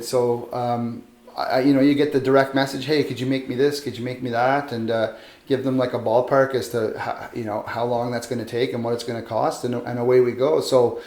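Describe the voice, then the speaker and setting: Male sculptor, middle pitch, easygoing and self-deprecating, echoey workshop. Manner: relaxed, rambling, self-deprecating. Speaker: metal sculptor. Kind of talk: casual interview. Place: metal workshop. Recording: roomy echo.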